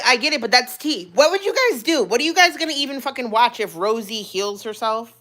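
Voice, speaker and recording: A woman's voice: a little high, a bit bright. Profane rambling young woman streamer. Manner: profane, rambling, laughs often. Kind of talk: casual ranting livestream commentary.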